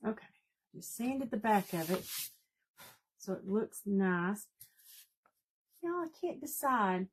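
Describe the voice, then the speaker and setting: A woman's voice: mid-range voice, sing-song, slow, slightly rough. A woman with a Southern US accent hosting a casual live craft demonstration, chatting folksily and greeting viewers by name as she works. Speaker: craft tutorial host. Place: home craft room.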